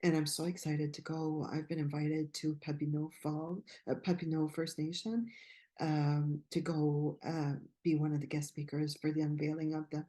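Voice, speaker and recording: A woman from Canada, a guest speaking earnestly and fervently about her own journey, with some halting restarts. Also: deep voice, level tone, mellow. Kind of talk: personal testimony in interview.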